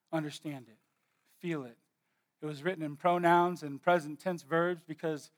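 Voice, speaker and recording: Bright-voiced preacher, clear and high. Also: male voice. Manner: swings from hushed emphasis to loud declaration; slow, deliberate repetition of key words. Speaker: pastor. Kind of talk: sermon.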